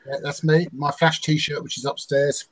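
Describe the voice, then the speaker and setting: A man's voice: fairly high pitch, little pitch movement, moderate pace. A man chatting casually, joking and teasing his friends. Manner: jokey, teasing. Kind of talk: casual chat.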